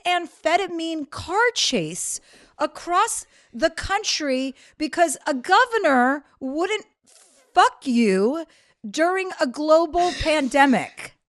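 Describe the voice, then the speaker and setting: A woman's voice: on the low side, moderate pace, few pauses. A woman quoting her stern, blunt brother. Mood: incredulous. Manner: stern, deadpan.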